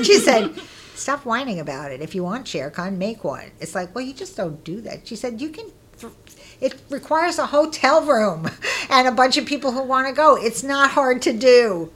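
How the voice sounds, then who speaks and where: A middle-aged woman being interviewed, telling stories in a casual, lively way and acting out what people said with bursts of laughter. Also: on the high side, normal speed. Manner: lively, acts out quoted voices with laughter. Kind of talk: casual storytelling.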